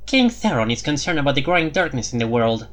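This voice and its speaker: A cold, calculating woman envoy voiced by a man narrating an audiobook. Her words come curt and skeptical, clipped short with no warmth to spare. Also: mid-range voice, big pitch swings, fast talker, lightly acted. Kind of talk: audiobook character voice.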